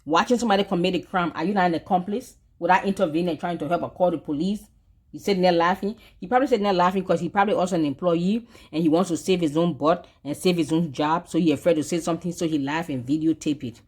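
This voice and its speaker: A woman from Africa with a somewhat low voice delivers fervent social commentary on her channel. She talks in a preachy, insistent way and circles back on her own words to drive each point home. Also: fast talker, a little mellow, slightly rough. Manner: passionate and preachy, repeating her phrases for emphasis. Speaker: vlogger.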